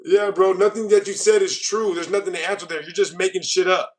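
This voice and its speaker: An American man hosts a casual stream in a high-pitched, steady, fairly quick voice, reading viewer comments aloud with mock outrage. Joking and pretending to be offended, he calls people bro, with soft music playing in the background.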